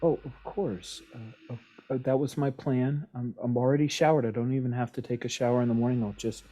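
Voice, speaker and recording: A man voicing a nervous, eager-to-please young employee who rushes to reassure. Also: mid-range voice, animated, dark tone, slightly rough, pitched above the performer's own voice. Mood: flustered. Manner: nervous, rushed, over-assuring.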